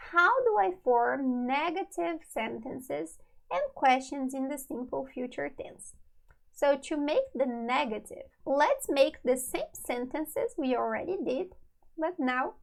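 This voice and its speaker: Woman, language teacher, high pitch, gravelly fry, slow patient delivery. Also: rough recording. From Brazil. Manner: slow, patient, repeats each example. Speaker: Portuguese teacher. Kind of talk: online language lesson.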